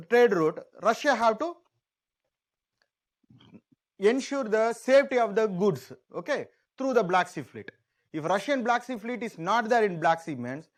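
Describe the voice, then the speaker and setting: Sitting high, a man leads an exam-prep class with conversational, repetitive explanations. He frequently takes on a country's voice, speaking as it in the first person.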